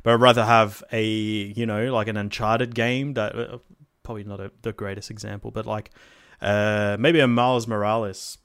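Laid-back low-voiced man, rambling. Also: little pitch movement, moderate pace, a bit bright, smooth, no room sound, studio quality. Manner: rambling with many fillers and restarts, swears casually. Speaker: podcast co-host. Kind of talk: casual chat about video games.

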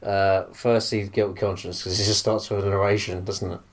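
Low-voiced man, offhand chat. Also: flat delivery, a little fast, a little hiss or hum. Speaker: podcast guest. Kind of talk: casual podcast chat.

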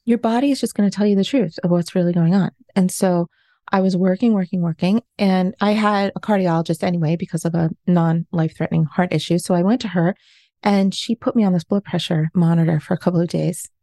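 Woman in her 40s, life coach, earnest confessional storytelling, warm low-key voice, dry close mic. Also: fairly even intonation, fast talker, dry recording. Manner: earnest, confessional, self-questioning. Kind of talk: candid interview storytelling.

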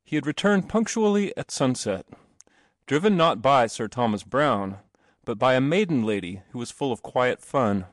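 A man reading a classic story aloud with expressive narration. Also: mid-range voice, moderate pace, no room sound, studio quality.

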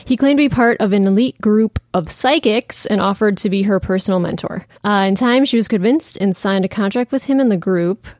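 A woman's voice: mid-range voice, a little fast, few pauses, darkish tone, no echo, clean studio sound. A woman co-hosting a casual podcast, reading a listener's email aloud and laughing easily between lines. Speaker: podcast co-host.

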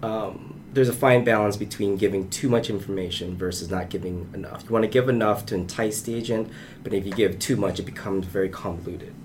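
A man's voice: lowish voice, brisk, darkish tone, a little hiss or hum. A man, an aspiring novelist, talking casually in a panel discussion with many restarts and fillers. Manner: rambling, frequent restarts and fillers.

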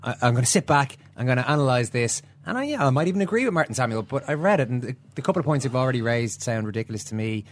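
A man's voice: medium pitch, animated, rapid-fire, hardly any pauses, slight background noise. A man co-hosting a casual football podcast, joking and often restarting his sentences.

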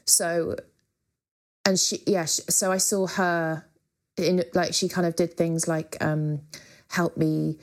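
A woman's voice: on the low side, little pitch movement, slow pace. A woman, a musician, talking frankly and chattily as a guest in an interview. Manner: frank, chatty, with many fillers and casual swearing. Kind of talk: candid interview conversation.

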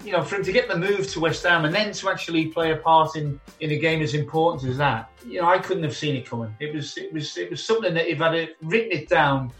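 An older man tells an animated story as a father in an interview, and his voice sits a little high. He sounds set back from the mic in a roomy space. Faint music plays underneath. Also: fast, hardly any pauses, far from the mic. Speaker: interviewee, former footballer and father.

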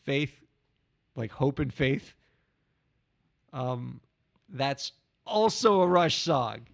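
A man co-hosting a comedic podcast, playing a quiz game in casual, joking, excitable chat. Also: mid-range voice, drawn-out words, creaky. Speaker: podcast co-host, quiz player.

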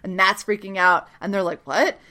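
A woman in casual chat, recapping a TV episode with lots of laughter and quick acted-out lines. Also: medium pitch. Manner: animated, laughing, swearing, acts out characters in quick voices. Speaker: podcast co-host recapping a TV show.

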